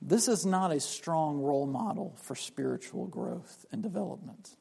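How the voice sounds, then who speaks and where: A man's voice: a little high, expressive, moderate pace, creaky, mellow, breathy edge. A man from South Carolina preaching a sermon on a Bible passage. He acts out the voices of the people he quotes and repeats words as he restarts his sentences. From South Carolina, USA.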